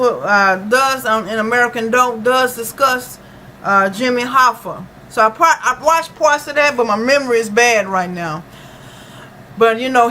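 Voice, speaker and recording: A woman giving an unscripted true-crime monologue from her notes, halting and full of "uh" and "you know" fillers. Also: on the high side, bright, forceful tone, a little hiss or hum, rough recording. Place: lives in Dallas.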